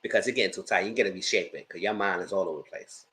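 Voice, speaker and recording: Blunt, animated man recapping a show. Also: low-pitched, very fast, poor audio. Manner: animated and blunt, swears freely. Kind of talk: casual reality TV review.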